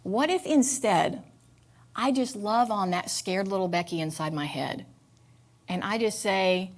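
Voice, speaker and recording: Candid woman preaching. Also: medium pitch. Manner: candid and confessional, halting with fillers. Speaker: church speaker. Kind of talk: sermon.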